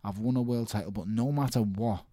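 A man with a Liverpool accent in casual interview chat, telling stories in an animated way and often saying "mate". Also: fairly low pitch, a little fast, no room sound, clean studio sound. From Liverpool, England. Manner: animated storytelling, frequent "mate", laughs. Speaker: interviewee, professional boxer.

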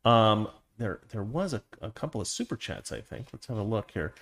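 A man's voice: on the low side, very animated, moderate pace, a bit bright. A man hosting a casual livestream, reading viewer comments and chatting in a rambling, self-correcting way with frequent laughs. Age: adult, past his teens.

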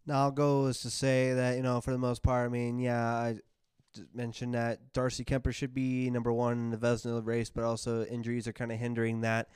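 A man's voice: mid-range voice, monotone, brisk, a little mellow, clear, resonant tone, no room sound, clean studio sound. A man hosting a casual sports podcast, rambling with many fillers and self-corrections. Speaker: podcast host.

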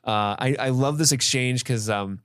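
A man's voice: medium pitch, moderate pace, a bit bright, clear, resonant tone, dry recording, studio quality. A man co-hosting a podcast, chatting casually about a film and often laughing. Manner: laughs often, acts out movie lines in put-on voices. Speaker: podcast co-host. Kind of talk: casual film review chat.

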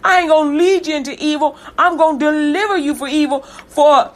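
A woman's voice: sits high, fast talker, close to an everyday voice. A woman voicing God in her sermon as a loving deity who talks in a slangy, casual way. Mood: reassuring. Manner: slangy and casual, tender reassurance.

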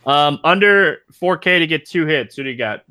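Male podcast host, slightly higher voice, relaxed and joking. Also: moderate pace. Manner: relaxed, frequent ums, playful. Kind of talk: casual sports betting podcast chat.

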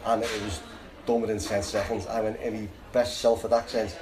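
A man's voice: fairly low pitch, little pitch movement, a little fast, noisy background. A man with a Liverpool accent telling a long rambling story, laughing and restarting as he goes. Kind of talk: casual anecdote. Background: crowd chatter.

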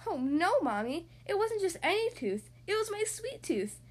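A woman voicing an excitable, dramatic little girl in a storybook read-aloud, squealing and whining. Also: very high-pitched, moderate pace, voice pushed up. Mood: excited, whiny. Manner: squealing, exaggerated outbursts.

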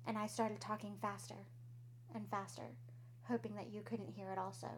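A woman casually retelling a horror story in the first person, dropping to a hush and whispering heartbeat sounds. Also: mid-range voice, little pitch movement, a little fast, a little hiss or hum. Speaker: podcast co-host telling a spooky story.

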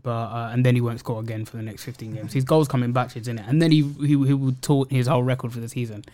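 A man's voice: mid-range voice, fairly even intonation, background noise. A man chatting casually about football on a podcast panel, slangy and laughing often. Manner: fast, slangy, laughing a lot. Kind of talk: casual chat.

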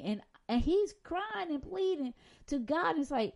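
Woman preacher, fairly high voice, slow, dramatic sermon delivery. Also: very animated, gravelly. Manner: dramatic, swings between loud emphasis and soft reflection.

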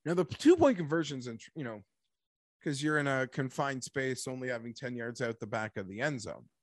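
A man hosting a casual sports talk show, animated and rambling, talking like an emphatic fan. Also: medium pitch, moderate pace, no room sound, studio quality. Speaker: sports podcast host.

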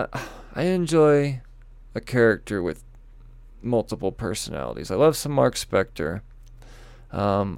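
Here a man with a medium-pitched, fry-tinged voice, dry with no room sound, loosely talks through comic previews as a vlogger. He trips over names, curses, and pokes fun at himself.

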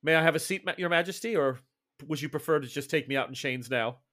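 A man voicing a cool, wry female spy with calm, polished speech, in a slightly high voice. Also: quick pace, lightly acted. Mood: poised.

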